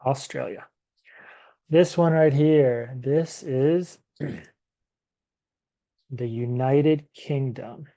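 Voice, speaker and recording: A man gives a classroom lesson in a relaxed, mellow voice. He speaks slowly and repeats each word patiently for learners, thinking aloud as he goes. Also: mid-range voice. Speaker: English teacher.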